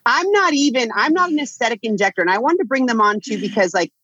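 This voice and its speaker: A woman's voice: a little high, expressive, quick pace, sharp tone, breathy edge, dry recording. A woman hosting a podcast, bubbly and playful, laughing with her guests. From United States. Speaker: podcast host. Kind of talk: casual podcast chat. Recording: dull, dry lo-fi sound.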